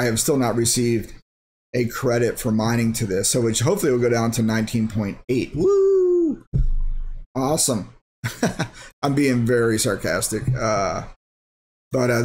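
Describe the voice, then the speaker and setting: Casual male vlogger, sarcastic and rambling, mid-pitched, faint hiss behind. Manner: rambling, sarcastic, thinking aloud. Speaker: crypto mining channel host. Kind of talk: casual screen-share commentary.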